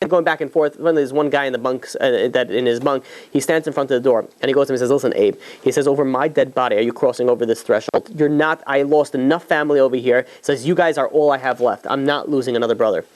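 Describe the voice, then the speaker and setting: Fast-talking rabbi telling a story. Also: male voice, mid-range voice. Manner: conversational, many fillers and restarts. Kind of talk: storytelling talk.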